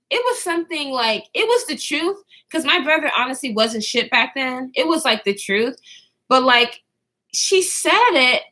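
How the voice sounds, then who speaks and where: Woman, twenties, storytime vlogger to camera; high, bright and very animated delivery with profanity. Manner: animated, profane, acts out quotes in others' voices. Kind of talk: casual storytime.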